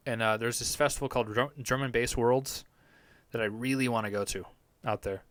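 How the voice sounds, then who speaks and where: A man's voice: medium pitch, steady tone, brisk, a bit bright, no room sound. A young man chatting casually on a live stream from his home basement, rambling and swearing often in a laid-back way.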